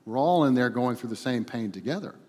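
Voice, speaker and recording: A man preaching a sermon as pastor, swinging between loud emphatic passages and quiet, hushed ones. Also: medium pitch, expressive, a little fast. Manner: builds to loud emphatic preaching, then drops to a hushed prayer. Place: church hall. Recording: long hall reverb.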